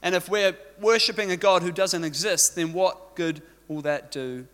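A man's voice: high voice, steady tone, moderate pace, a bit bright, clear, resonant tone. A man preaching a sermon, opening with a prayer and telling a story with joking asides. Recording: echoey hall reverb.

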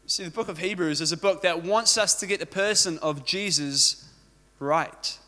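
A man's voice: high voice, moderate pace, bright, forceful tone. A man preaching a sermon, opening with a prayer and telling a story with joking asides. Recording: echoey hall reverb.

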